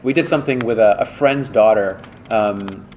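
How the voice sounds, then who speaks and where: A man who works as a voice director and voice actor, answering podcast questions in rambling, animated stories full of fillers and restarts. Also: on the low side, moderate pace, slight background noise. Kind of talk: casual podcast interview storytelling.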